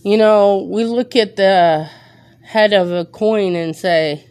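A woman hosting a faith podcast, out of breath, talking in an earnest, preacherly way with halting pauses and fillers. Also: mid-range voice, steady tone, a little mellow, smooth. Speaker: podcast host. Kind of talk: faith podcast monologue with prayer.

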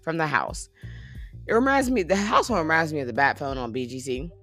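Sassy, chatty woman with a low voice. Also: very animated, quick pace, fairly bright tone, faint music behind. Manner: chatty, sassy, laughs often. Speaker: reality TV recap host. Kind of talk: casual chat recap.

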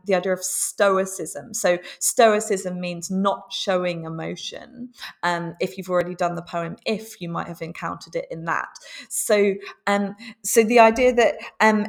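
Female teacher, recorded lesson, unhurried explanatory delivery, natural hesitations. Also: medium pitch, gravelly. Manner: measured, explanatory, with frequent ums.

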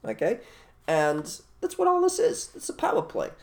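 A man co-hosting an opinionated casual chat, blunt and animated, repeating his phrases for emphasis. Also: high voice, moderate pace. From United States. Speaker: co-host.

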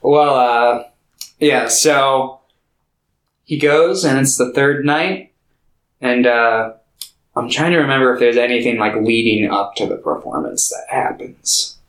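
A young man co-hosting a podcast, casually talking through a film's ending with many pauses and restarts. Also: mid-range voice, a bit bright, reverberant, low-quality recording. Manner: hesitant, many fillers and restarts. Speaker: podcast co-host. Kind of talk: casual film discussion.

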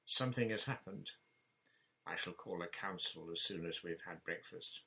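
A man's voice: low voice, moderate pace, pushed and bright. Man voicing a solemn boy captain. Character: earnest boy captain, serious and commanding.

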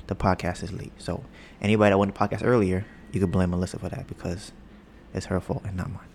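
A young man hosting a casual home podcast, rambling and joking, bragging about his smooth steady voice. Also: low voice. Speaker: podcast host. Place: home, storm outside. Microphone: podcast mic with headphones.

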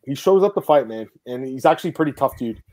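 A man's voice: medium pitch, animated, fast talker, a little mellow. A man hosting a podcast in casual chat, blunt and opinionated, swearing freely. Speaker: podcast host.

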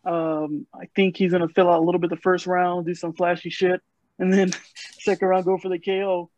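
A man's voice: sits high, flat delivery, normal speed, a little mellow, muffled recording. A man giving his fight pick hesitantly, with ums and small laughs. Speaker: panelist. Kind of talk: casual MMA picks chat.

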